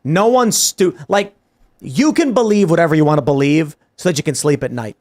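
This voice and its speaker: Emphatic higher-voiced man hosting. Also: animated, darkish tone. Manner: emphatic, rapid, argumentative. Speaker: host. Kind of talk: casual political chat.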